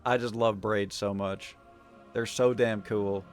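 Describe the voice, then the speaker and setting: A man streaming a game, chatting casually in an excitable, profane, rambling way. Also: lowish voice, takes it slowly, soft background music. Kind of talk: casual gaming commentary.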